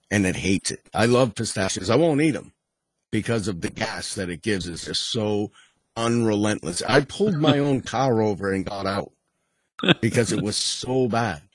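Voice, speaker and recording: A man's voice: on the low side, no room sound, low-quality recording. A man, hosting a podcast and telling a rambling comic story, chuckling often and restarting his sentences. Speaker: podcast host. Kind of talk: casual comedic storytelling.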